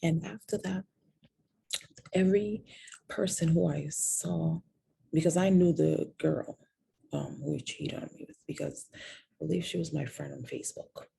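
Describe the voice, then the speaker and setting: A woman's voice: deep voice, normal speed, gravelly, dark tone, husky. A woman candidly confiding a personal story to viewers in a vlog, sometimes dropping to a whisper on painful details. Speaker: host telling her own story.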